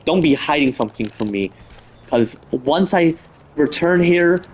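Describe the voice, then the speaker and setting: A man's voice: fairly high pitch, expressive, a little slow, a little hiss or hum. A man playing a stern secret-agent husband confronting his wife in a cold, accusing tone. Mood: stern accusation.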